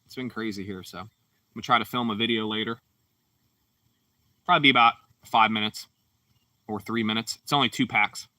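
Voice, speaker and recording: A man hosts a relaxed livestream, wandering from comment to comment with plenty of ums and you-knows. His voice is very bright and a little forward in tone. He sits back from the microphone in a dry, dead room. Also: lowish voice, a little fast, long pauses, dry recording, distant mic. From Pittsburgh, Pennsylvania. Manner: laid-back, rambling, frequent fillers. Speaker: livestream host. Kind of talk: casual livestream chat reading comments.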